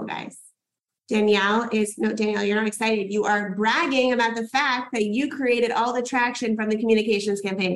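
A woman's voice: medium pitch, rough recording. A young woman hosting a workshop as a podcast coach, enthusiastic and hyped, swearing casually as she cheers people on.

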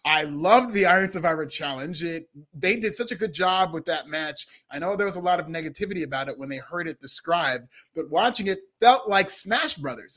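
A man's voice: high voice, a bit bright. A man co-hosting a casual podcast, sharing gushing, enthusiastic opinions. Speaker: podcast co-host. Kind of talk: casual wrestling podcast chat.

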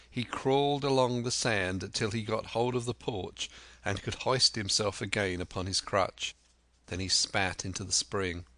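A man narrates a classic adventure story in a deep, unhurried voice. His tone is bright and forceful, and the sound is dry and close-miked, like a studio audiobook. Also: no echo. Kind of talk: scripted narration.

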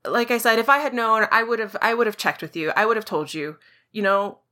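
A woman co-hosting a podcast, telling a story in casual chat and acting out the quoted dialogue in an animated way. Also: on the high side, a little fast. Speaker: podcast co-host.

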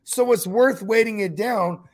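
Casting note: male podcast co-host, high and gravelly, loose and profane banter. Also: a little slow. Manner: joking, profane, teasing. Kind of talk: casual chat.

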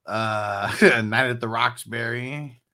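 A man co-hosting a podcast in easygoing casual chat, often answering with quick agreement. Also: medium pitch, steady tone, sharp tone. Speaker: podcast co-host.

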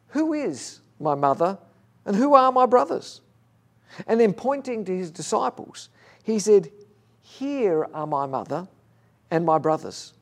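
A high-pitched man delivers a sermon. He talks casually and tells stories with animated restarts. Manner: conversational, animated storytelling with restarts. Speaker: pastor.

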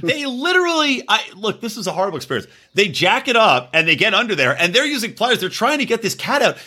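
A man hosting a podcast, telling a story in casual chat, animated and laughing often. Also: husky. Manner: animated, laughing, jumps into high exclaims. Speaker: podcast host.

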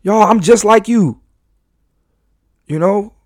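A man's voice: high voice, slow, darkish tone, dry recording, clean studio sound. Fired-up man confessing on a podcast. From New York. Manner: confessional, rambling with many restarts and slang. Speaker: podcast host. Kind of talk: candid podcast monologue.

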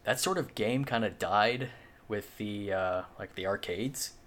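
Low-voiced man rambling in casual chat. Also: measured pace, fairly bright tone. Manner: rambling, filler-heavy, swears casually. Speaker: podcast co-host.

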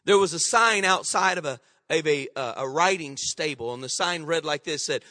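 High-voiced, bright male pastor preaching. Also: normal speed, few pauses, no echo, in a large hall. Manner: emphatic, repetitive exhortation. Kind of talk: sermon.

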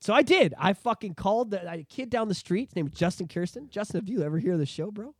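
A man in his thirties hosting a podcast, telling nostalgic stories in an animated, profane, casual way. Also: a little high, fast, few pauses, dry recording, studio quality. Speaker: podcast host.

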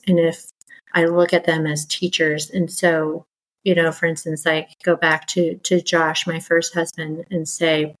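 A middle-aged woman, a podcast guest, telling her story in candid conversation and acting out exasperated quotes in lively bursts. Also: deep voice, slow, rough recording. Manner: animated, exasperated, quoting others in lively bursts.

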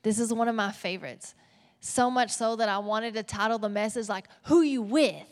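A woman with a Texas accent preaching a sermon as a pastor, animated and playful with asides. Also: mid-range voice, fairly quick. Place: church auditorium. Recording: long hall reverb.

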